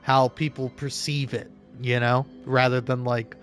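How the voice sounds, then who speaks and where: A man's voice: medium pitch, little pitch movement, unhurried, soft background music. An American man from the southeastern US, chatting casually while gaming, in a rambling way with many fillers and restarts. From southeastern United States. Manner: rambling, filler-heavy, frequent 'like' and restarts. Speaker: streamer.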